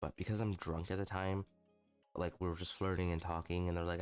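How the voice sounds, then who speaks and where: A young man with a very low voice chats on his livestream, candid and self-mocking, swearing freely as he tells stories. Soft music plays faintly behind him. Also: steady tone, fast. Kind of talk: casual storytelling stream.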